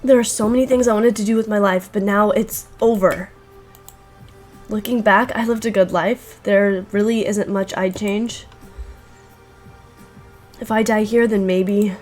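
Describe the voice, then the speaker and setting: A woman's voice: medium pitch, steady tone, unhurried, pauses often, a little mellow, faint music behind, natural voice. A woman reading aloud the lines of an angry, grieving teenage girl in a horror visual novel, in a bitter, blunt way.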